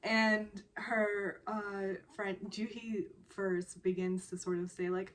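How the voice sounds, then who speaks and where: Slow, rambling woman recapping a drama. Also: mid-range voice, level tone, a bit bright. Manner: rambling, many fillers, often laughing. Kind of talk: casual spoken episode recap.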